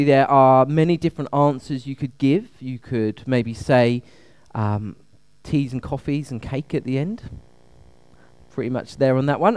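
A man's voice: on the high side, mellow, clear, resonant tone, no echo. A man preaching a conversational sermon at a church service, asking the congregation questions.

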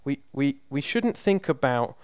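A man's voice: medium pitch, sing-song, a little slow, clean tone, dry recording. A man preaching a sermon in a conversational, emphatic way, repeating words for emphasis.

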